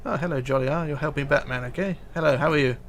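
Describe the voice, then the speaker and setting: A man's voice: fairly high pitch, quick pace, a bit bright, slight background noise. A man streaming live, reading viewer comments aloud and muttering to himself as he builds, with hesitant fillers. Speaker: livestreamer. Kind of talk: casual live stream chat while building.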